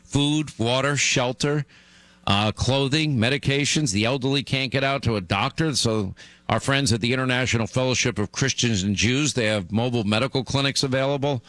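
A man's voice: medium pitch, moderate pace, a bit bright, no echo. A middle-aged man hosting a talk radio show, delivering an emphatic monologue that gets worked up.

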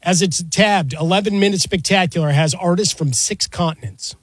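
Upbeat high-voiced sports radio host. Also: male voice, normal speed, breathy edge, no echo, studio quality. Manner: upbeat, chatty, teasing. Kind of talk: sports talk radio hosting.

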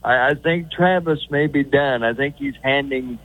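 A man's voice: medium pitch, no room sound. Rambling caller on a phone line, man. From Kansas City area. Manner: rambling, halting, repeats himself. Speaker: regular caller. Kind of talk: phone-in call.

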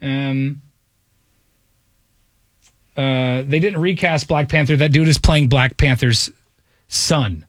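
A man's voice: mid-range voice, takes it slowly, pauses often, no echo. A man hosting a radio talk show, bantering casually and reading listener texts aloud.

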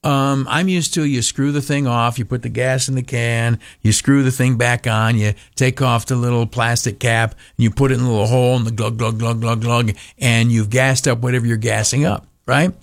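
A man's voice: mid-range voice, steady tone, moderate pace, gravelly, hardly any pauses, no room sound, clean studio sound. A man from the United States hosting radio talk, complaining in a cranky, sarcastic rant with plenty of fillers. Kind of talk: ranting monologue.

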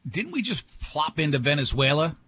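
Male radio host, husky, rambling and jokey, casual on-air banter. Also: fairly high pitch, sing-song, moderate pace, sharp tone, no room sound. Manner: rambling, jokey, restarts sentences.

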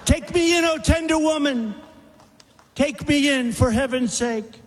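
A sly, vicious snake voiced by a man reciting a poem begs to be taken in, using a pleading, sing-song refrain. The delivery is slow and unusually high for a man. Long reverb from a large hall hangs behind every line. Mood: wheedling. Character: sly vicious male snake, wheedling then mocking.

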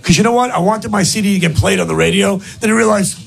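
A man doing a brash stand-up comedy set, building to shouted punchlines in front of a live audience. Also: high voice, fast talker, creaky, few pauses.

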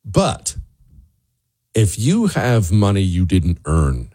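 A man's voice: huge pitch swings, takes it slowly, dark tone, slightly rough. A man hosting a talk show, delivering sarcastic, opinionated political commentary in a ranting manner. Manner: sarcastic, ranting, swings pitch widely for emphasis. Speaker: show host.

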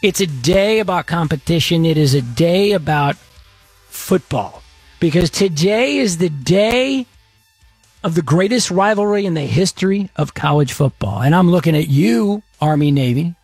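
Radio host man, high voice, husky, folksy and chatty, dry studio sound. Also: lively intonation, normal speed, darkish tone, no room sound, soft background music. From Texas. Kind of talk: casual radio talk show.

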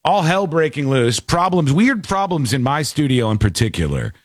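A man's voice: on the high side, sing-song, normal speed, no echo. A man hosting a talk show, chatting casually and reading listener comments aloud from his home studio. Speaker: show host.

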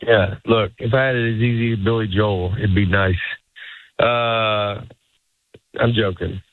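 Tinny-sounding rambling middle-aged comedian. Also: male voice, on the low side, steady tone, a little slow, no room sound. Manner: rambling, self-interrupting, acts out quotes. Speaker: stand-up comedian, guest. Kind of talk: casual interview chat. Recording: tinny phone-like radio sound.

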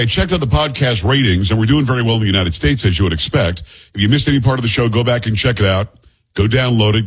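A middle-aged man hosts a talk radio show, rattling off quick jokey asides. His voice is a bit husky, and he speaks close to a studio microphone. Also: mid-range voice. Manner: chatty, jokey, rapid-fire asides. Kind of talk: casual on-air chat.

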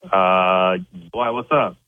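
A man's voice: low voice, slow pace, dry recording. A man answering a prank call, defensive and stammering, repeating words and cutting off curses. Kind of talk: angry phone call. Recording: dull lo-fi phone line.

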